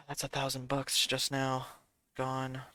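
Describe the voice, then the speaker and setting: A man's voice: medium pitch, monotone, takes it slowly, sharp tone, no room sound. A man giving live commentary on his own day trading, muttering prices and cursing when trades go wrong.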